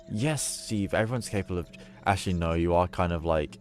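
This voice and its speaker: A man's voice: sits low, lively intonation, moderate pace, few pauses, a little mellow, faint music behind. A man streaming a horror game, joking and chatting casually with plenty of swearing. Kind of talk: gaming stream commentary.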